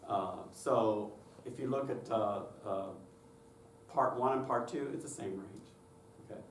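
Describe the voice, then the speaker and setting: A man leads a choir workshop, walking the audience through his methods and pausing often to ask "okay?". His voice is heard from some way off the mic in a roomy lecture space, with a faint hiss of background noise underneath. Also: medium pitch, far from the mic. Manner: explanatory, checks in with "okay?". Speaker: choir director presenting a workshop. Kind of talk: conference lecture with demonstrations.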